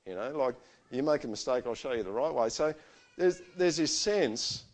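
A middle-aged man, preaching a sermon and telling stories in a conversational, animated way. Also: medium pitch, normal speed.

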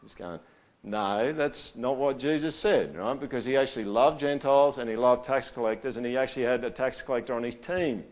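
Casual male pastor, middle-aged, preaches like a chat, punchy emphasis then drops low. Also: a little fast. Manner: conversational, keeps asking "all right?", voice swings loud and soft. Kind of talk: sermon.

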